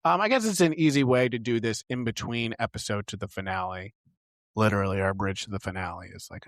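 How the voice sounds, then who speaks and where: A man co-hosting a podcast, recapping a TV episode in casual, animated chat with plenty of fillers. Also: lowish voice, fairly quick, dry recording. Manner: chatty, animated, lots of fillers. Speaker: podcast co-host.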